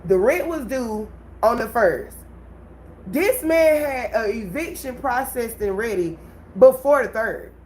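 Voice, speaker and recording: A woman hosting her own livestream, telling a personal story in an animated way and talking straight to her viewers. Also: a little high, slow, slight background noise, poor audio. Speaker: livestream host. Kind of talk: casual livestream venting.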